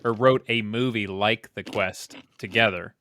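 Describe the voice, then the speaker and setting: A young man co-hosting a casual movie chat, easygoing and quick to laugh. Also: fairly low pitch, pushed and bright, a little hiss or hum. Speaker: co-host.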